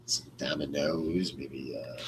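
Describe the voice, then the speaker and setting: A man's voice: a bass voice, heavy background noise. A man co-hosting a live fight-night radio show, chatting casually in a rambling way with many fillers. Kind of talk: casual play-by-play chat.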